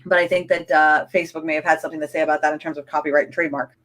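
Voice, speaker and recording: Excitable chatty woman coaching live. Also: low voice, rapid-fire. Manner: excitable, chatty, rambling with restarts. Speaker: online business coach. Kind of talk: live-streamed training answering viewer comments.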